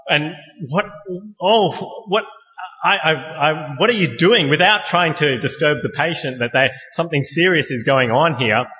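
A man's bright, forceful voice delivers an earnest, conversational sermon, with a long reverb trailing off his words. The sound is dull and lo-fi, as if captured in a church hall. He talks plainly, weaving personal stories into his preaching. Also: medium pitch. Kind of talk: sermon with opening prayer.

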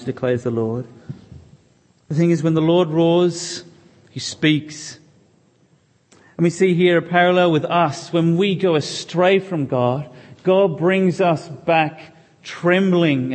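A man's voice: fairly high pitch, a little mellow. A man preaching a sermon in church, reading scripture aloud and pleading earnestly with the congregation. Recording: long hall reverb.

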